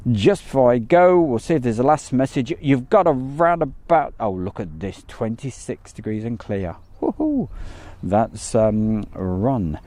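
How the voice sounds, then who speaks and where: A man hosting a live stream, chatting casually and greeting viewers by name, with lots of ums and pauses. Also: medium pitch, darkish tone.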